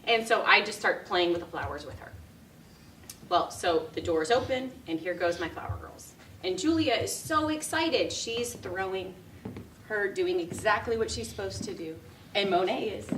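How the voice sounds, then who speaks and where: A woman giving a speech, telling a personal story in a lively way and laughing often. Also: medium pitch, moderate pace, a little hiss or hum. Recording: echoey room, mic from a distance.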